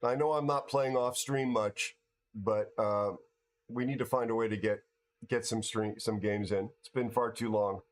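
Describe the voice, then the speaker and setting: A tired older American man hosting a casual livestream chat, rambling and halting with many restarts and fillers. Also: lowish voice, steady tone. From United States. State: tired from no sleep. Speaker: livestream host.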